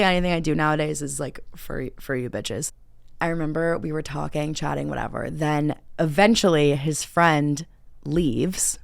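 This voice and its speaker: Deep-voiced and speaking with vocal fry, this young woman hosts a podcast and recounts a dating story in a loose, filler-packed way, laughing a lot. There is no room sound.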